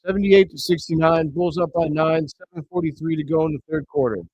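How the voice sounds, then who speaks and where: Streamer man, fairly high voice, dry dull home mic, excitable play-by-play caller. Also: a little fast, breathy edge, dry recording. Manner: bursts into excited shouts on big plays. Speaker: host of a live reaction stream. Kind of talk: play-by-play commentary.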